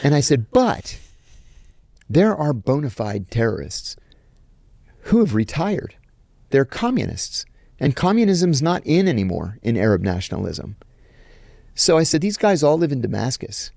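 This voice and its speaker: Interviewed as a guest, a middle-aged former intelligence officer spins a lengthy story, performing the quoted dialogue with animation. He speaks in a mid-range voice at a measured pace, with vocal fry and long pauses, in studio-quality audio with no room sound.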